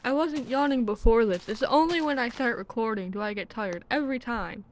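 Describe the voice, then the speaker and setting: A woman's voice: fairly high pitch, a little fast. A young woman rambling casually in a vlog, tired and yawning, swearing now and then. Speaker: vlogger. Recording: dull lo-fi sound with faint background noise.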